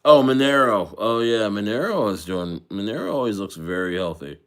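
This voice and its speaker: Man, low voice, casual stream chat, rambling and joking, slightly tipsy. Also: normal speed, fairly bright tone, clean tone. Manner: loose, rambling, joking, many restarts. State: tipsy from wine. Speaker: crypto livestreamer.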